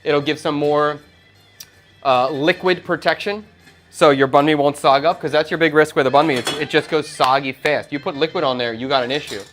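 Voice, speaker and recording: A man's voice: on the high side, fairly quick, soft background music. Chatty man cooking live. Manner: chatty, relaxed, thinks aloud while cooking. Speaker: chef and livestream host. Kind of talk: casual cooking livestream.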